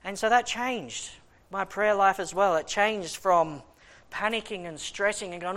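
A man preaching a sermon and reading scripture, telling personal stories with lots of restarts. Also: high-pitched. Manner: animated storytelling with many restarts; reads scripture in a raised, deliberate voice. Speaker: preacher and schoolteacher.

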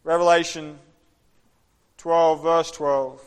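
A man preaching an interactive sermon, animated and acting out the voices of the people in his story. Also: a little high, slow, clean tone. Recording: long hall reverb.

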